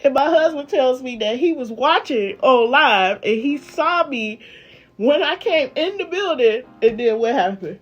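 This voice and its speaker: A woman casually recounting her deliverance testimony, lively and emphatic. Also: high voice, a little slow, highs cut off. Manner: lively, emphatic, breaks into excited exclamations. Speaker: wife sharing a testimony.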